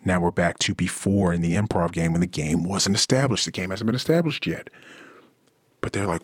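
A man's voice: sits low, a little fast, breathy edge, dry recording, studio quality. A man hosting a podcast, talking through a casual monologue and acting out the people he quotes. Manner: animated, acts out quoted voices. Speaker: podcast host.

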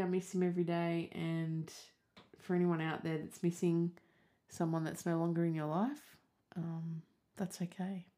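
Young woman, Australian accent, lowish voice, rambling casual podcast chat, lots of fillers. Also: mellow. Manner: chatty, rambling, peppered with "like" and "um". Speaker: podcast host.

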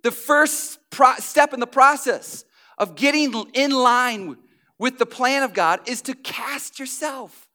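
A man preaching a sermon as pastor, telling stories in an animated, conversational way. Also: very high-pitched, slow.

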